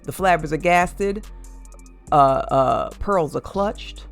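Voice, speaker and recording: A host giving casual opinion commentary on celebrity couples, animated and sassy, mocking fans by quoting them. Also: mid-range voice, takes it slowly, soft background music.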